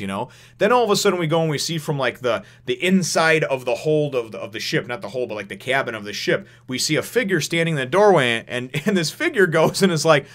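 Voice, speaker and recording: A man talking through a review in a loose, casual way, full of fillers, restarts and half-finished thoughts. His voice sits at an ordinary middle pitch. He chuckles now and then as he retells scenes. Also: lively intonation, fast talker, a bit bright. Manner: rambling, many fillers and restarts; laughs while retelling funny scenes. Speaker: manga chapter reviewer.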